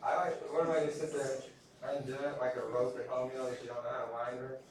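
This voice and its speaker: A man's voice: mid-range voice, level tone, quick pace. A man from Texas, lecturing a class in a casual, self-deprecating storytelling way. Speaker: instructor. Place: large echoey classroom. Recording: echoey classroom from far off.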